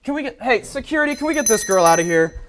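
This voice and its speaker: A man's voice: extremely high pitch, animated, quick pace, background noise. A man hosting a comedic talk show, announcing guests like a showman and getting sarcastic.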